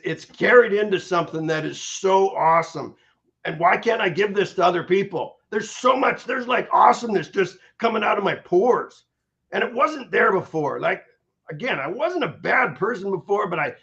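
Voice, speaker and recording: Brief: middle-aged man, high-pitched and gravelly, energetic restart-heavy testimony, dull lo-fi sound. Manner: energetic, repetitive restarts, emphatic. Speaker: interviewee, stroke survivor. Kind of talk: emotional personal testimony. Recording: dull lo-fi recording.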